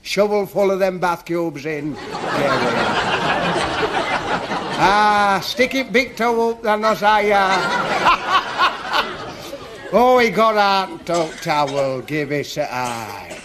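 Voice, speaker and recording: Chuckling stand-up comic. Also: male voice, sits high, animated, slow, pauses often, a loud crowd, very noisy. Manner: chuckling, chatty, dialect-heavy. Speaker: stand-up comedian. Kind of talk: stand-up comedy storytelling. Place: comedy stage.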